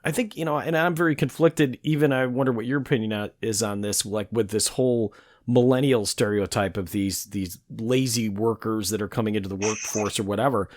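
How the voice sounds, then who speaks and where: A man's voice: on the low side, fairly quick, dry recording, clean studio sound. A man in his fifties, a podcast host, chatting casually and thinking aloud in a reflective way. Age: 50s. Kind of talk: casual interview chat.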